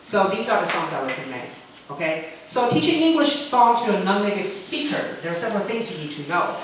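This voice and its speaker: A chatty male English teacher trainer speaks in a high-pitched, fairly bright voice with big pitch swings, a little fast, with some hiss or hum. He is recorded from far off in a very echoey room, often checking "okay?" and demonstrating chants.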